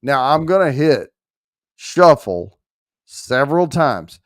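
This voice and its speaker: A man's voice: medium pitch, very animated, slow, no echo, clean studio sound. A man hosting a casual livestream and running a prize giveaway, joking loosely and swearing mildly while he works the screen.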